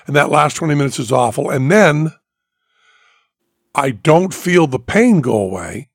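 A man's voice: medium pitch, normal speed, gravelly, dry recording, clean studio sound. A man hosting a podcast, telling a story casually and animatedly, swearing and acting out the people in it. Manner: animated, profane, acts out quoted voices. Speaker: podcast host.

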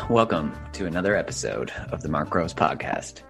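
A man's voice: rumbling low, lively intonation, moderate pace, gravelly, a bit bright, faint music behind. A man hosting his podcast, talking in an enthusiastic, chatty way to his listeners and his guest. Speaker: podcast host. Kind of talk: podcast intro and casual interview.

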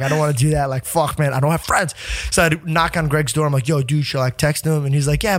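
Fast-talking young man telling a story. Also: on the high side, no room sound, studio quality. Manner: animated, profane, laughs often, acts out quotes. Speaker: podcast guest. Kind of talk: casual storytelling chat.

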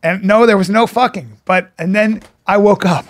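A middle-aged man co-hosting a podcast, telling a story in a casual, profane, animated way and acting out the quotes. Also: high voice, normal speed. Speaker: podcast co-host. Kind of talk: casual chat. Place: podcast studio.

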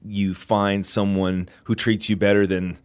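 A man as an interview guest, chatting in an animated way and telling a personal story with lots of fillers. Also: lowish voice, unhurried, smooth. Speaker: guest telling how he met his wife. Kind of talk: casual storytelling.

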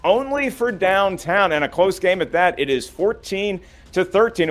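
A man's voice: sits high, lively intonation, moderate pace, slight background noise. A man hosting a trivia game show, reading questions and counting down with playful, teasing banter.

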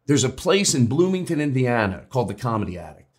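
A male comedian as an interview guest, talking in rambling, animated bursts with restarts and swearing. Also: medium pitch, quick pace. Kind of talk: casual interview chat.

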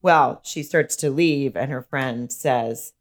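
A woman's voice: very deep voice, takes it slowly. A woman comedian co-hosting a podcast, chatting casually in a blunt, profane, chatty way. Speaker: podcast co-host. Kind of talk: casual chat.

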